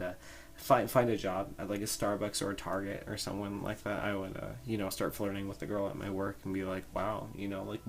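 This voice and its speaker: A young man co-hosting a podcast, telling a rambling made-up story with lots of fillers and pauses. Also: on the low side. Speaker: podcast co-host. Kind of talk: casual improvised storytelling.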